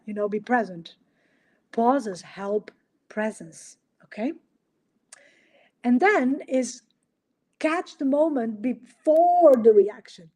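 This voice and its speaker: Woman talking on her podcast, bit high and warm sounding, animated, coaching, little grammar slips. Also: slow pace. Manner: animated, acts out little dialogues, asks rhetorical questions. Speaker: podcast host. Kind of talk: solo coaching talk.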